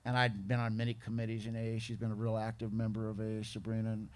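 A man's voice: fairly low pitch, monotone, fast talker, a little mellow. A middle-aged man giving personal testimony at a recovery meeting, in casual slangy talk, acting out other people's lines as he goes.

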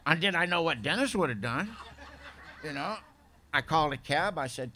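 A man's voice: fairly high pitch, expressive, normal speed, pauses often, pushed and bright, a little hiss or hum. A man telling his own story as a speaker at a recovery meeting, candid and plain-spoken. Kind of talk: personal testimony storytelling.

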